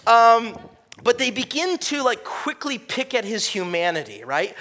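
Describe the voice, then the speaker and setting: A man's voice: very high voice, sing-song, measured pace, sharp tone. A young adult man preaching a sermon in a casual, conversational way, with lots of fillers. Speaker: pastor.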